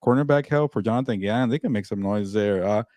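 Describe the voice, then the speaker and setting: A man's voice: fairly low pitch, quick pace, dry recording. A man co-hosting a casual sports talk show, ranting emphatically about football. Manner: animated, emphatic rants. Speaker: co-host.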